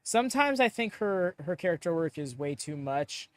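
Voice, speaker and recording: A young man hosting a live watchalong stream, chatting excitedly with many fillers and quick laughs on a close mic. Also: high-pitched, no echo. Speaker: watchalong host. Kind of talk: live reaction commentary.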